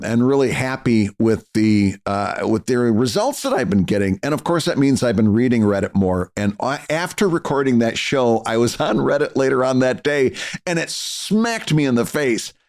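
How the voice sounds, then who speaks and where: A middle-aged man co-hosting a podcast, giving earnest advice in casual chat with lots of fillers and restarts. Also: medium pitch. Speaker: podcast co-host.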